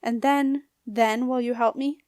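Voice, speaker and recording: A woman's voice: on the high side, fairly even intonation, measured pace, darkish tone, clear, resonant tone, no room sound, clean studio sound, lightly acted. A woman reading an audiobook, voicing a nervous, resentful teenage boy who talks in a thin, faltering way. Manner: faltering, timid, then eager.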